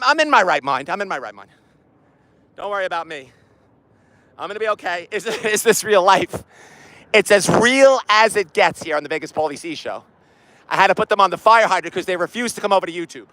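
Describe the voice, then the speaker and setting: An excitable man vlogging outdoors on a city street, rambling loudly at a phone set down nearby. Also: sits high, gravelly, no echo, low-quality recording. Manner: excitable, loud and rambling, talks to his phone. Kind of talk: rambling comic street vlog. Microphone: phone camera set down nearby.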